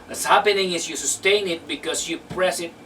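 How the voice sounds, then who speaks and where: A man teaching a casual beginner bass lesson in a small practice room, counting beats and scatting rhythm syllables as he demonstrates. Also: brisk. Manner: repeats words and restarts, talks loosely to the student. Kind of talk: casual hands-on music lesson. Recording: distant mic with loud guitar playing.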